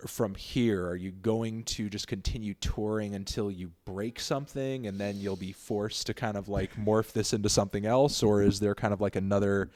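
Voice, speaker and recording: A man's voice: on the low side, fairly even intonation, normal speed, hardly any pauses, a little mellow. Chatty man hosting an interview. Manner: chatty, laughs easily, breaks into silly voices. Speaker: interview host. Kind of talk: casual interview chat.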